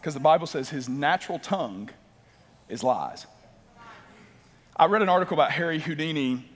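A pastor delivers his sermon in a notably high voice that rings out through a long hall reverb. He swings from loud emphatic bursts down to low, quiet passages. He often repeats words as he builds toward a point. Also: lively intonation, moderate pace. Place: church auditorium.

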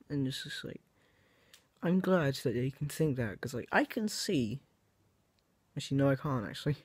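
A man's voice: mid-range voice, lively intonation, moderate pace, breathy edge, no echo. Rambling teen guy. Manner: rambling, hesitant, self-correcting, with frequent fillers. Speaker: video creator. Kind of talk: casual rambling monologue.

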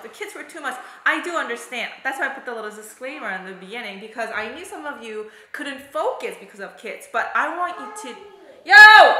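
A woman's voice: fairly high pitch, pushed and bright, a little hiss or hum. A woman hosting a home cooking and mukbang vlog, chatting animatedly to the camera and laughing often. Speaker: vlogger, mukbang host. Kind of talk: casual chat to camera. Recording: echoey room.

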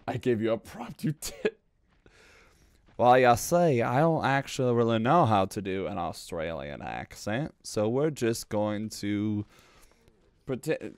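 A man streaming games who yells, yelps and swears at what happens on screen. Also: mid-range voice, expressive, a little slow, no echo. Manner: loud yelps, screams and swearing at the game. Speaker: VTuber streamer. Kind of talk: gaming stream commentary.

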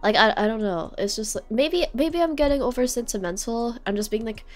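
A woman's voice: fairly high pitch, expressive, brisk, soft background music. Rambling young woman streamer. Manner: rambling, filler-heavy, sentimental. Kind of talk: casual storytelling chat. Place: home streaming setup.

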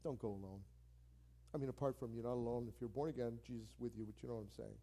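A man, a pastor, preaching a sermon in a church with animated delivery, repeating key phrases for emphasis and acting out quoted conversations. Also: medium pitch, rapid-fire, vocal fry. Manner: acts out quoted phone calls with playful voices.

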